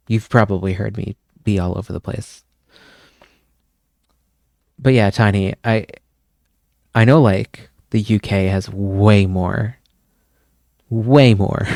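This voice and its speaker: A young man from Pennsylvania hosts a live stream, rambling in easy, casual chat and drifting off on tangents. His voice is on the low side and sounds dry and close to the mic. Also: gravelly, darkish tone, no room sound. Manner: rambling, chatty, wanders off on tangents. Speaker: livestream host.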